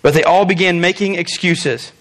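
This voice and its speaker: A man's voice: high-pitched, moderate pace, fairly bright tone. A man preaching a sermon in a loose, conversational way, reading scripture and acting out the people in it. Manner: conversational, acts out quoted voices, chuckles. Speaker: pastor.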